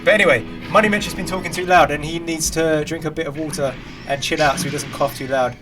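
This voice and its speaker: A man casting an esports match play-by-play, close to the mic, chatting to viewers and jumping into loud bursts on big plays. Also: a little high, fairly even intonation, fast, over music. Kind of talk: play-by-play commentary.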